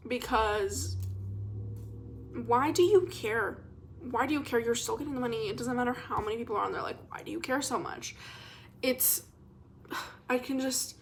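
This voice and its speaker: Young female vlogger, slightly high voice, casual rambling chat. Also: a little hiss or hum. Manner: chatty, rambling, expressive, self-mocking.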